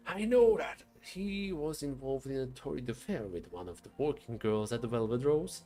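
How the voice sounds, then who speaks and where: A man voicing an eccentric, rambling gentleman obsessed with animals, in a whimsical, posh manner. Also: mid-range voice, lightly acted.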